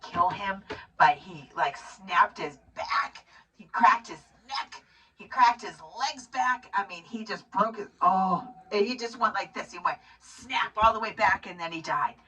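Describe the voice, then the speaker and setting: Chatty woman retelling a horror film. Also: fairly low pitch. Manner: rambling, animated storytelling with acted-out quotes. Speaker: co-host recapping a movie. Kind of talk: casual chat. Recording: distant mic with hiss.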